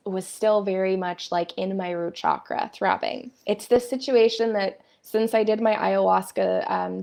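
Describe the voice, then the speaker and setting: Candid fiery woman with a gravelly voice. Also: mid-range voice, mellow. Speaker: spiritual coach. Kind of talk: live-stream talk.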